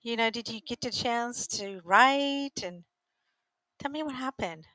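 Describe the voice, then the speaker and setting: Female show host, bright and a bit high, chatty and encouraging, dry close sound. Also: animated, unhurried, no room sound. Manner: chatty, encouraging, lots of fillers. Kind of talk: casual interview.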